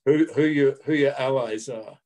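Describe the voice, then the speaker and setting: An older man with an Australian accent, a guest actor telling anecdotes in an interview in a relaxed, storytelling way. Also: mid-range voice, normal speed.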